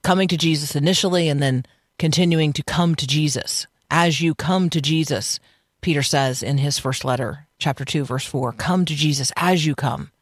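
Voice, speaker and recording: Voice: medium pitch, moderate pace, no room sound. Radio host doing a devotional, earnest and preachy, lots of rhetorical questions, dry studio, no room sound at all.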